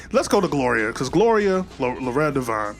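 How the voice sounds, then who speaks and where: A man's voice: medium pitch, fairly bright tone. A man recapping a movie in a casual, slangy way, acting out the characters' lines as he tells the story.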